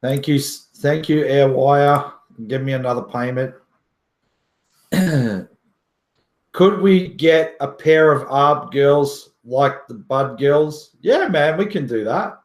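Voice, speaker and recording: Slow, laughing man in an echoey room. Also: mid-range voice. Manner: joking, boastful, laughs often, swears casually. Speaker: livestream host. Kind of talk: casual livestream chat.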